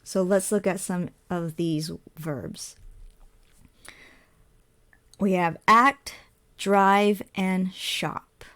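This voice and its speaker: Very slow, patient woman ESL teacher. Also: on the low side, fairly even intonation, fairly bright tone. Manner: spells out letters, asks and answers her own questions.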